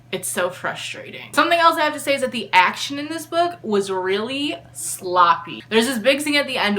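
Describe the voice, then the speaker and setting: A woman's voice: medium pitch, bright, forceful tone, slight background noise. A woman giving an exasperated, opinionated review of a book in a casual vlog.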